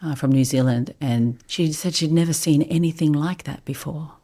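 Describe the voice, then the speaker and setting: A middle-aged woman, a guest on a podcast and a vocalist, telling a story in a soft, hushed, often breathy way. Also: deep voice, normal speed. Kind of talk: reflective storytelling.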